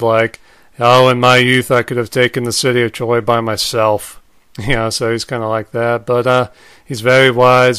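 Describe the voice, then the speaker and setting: A man casually retelling old myths as a podcast host, laid-back, with frequent "uh" pauses and the odd swear word. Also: medium pitch, fairly bright tone, smooth, dry recording, clean studio sound.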